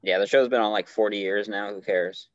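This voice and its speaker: Slightly tipsy after a day of drinking, a podcast co-host trades loose jokes in casual chat. He has a lowish, steady voice that moves a little fast, and the lo-fi recording sounds dull and dry.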